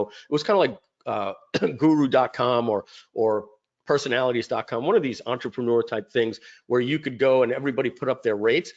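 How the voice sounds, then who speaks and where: A man's voice: mid-range voice, muffled recording. A man casually presenting his company's story in a rambling way, with many fillers and restarts. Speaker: company founder presenting a webinar. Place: home.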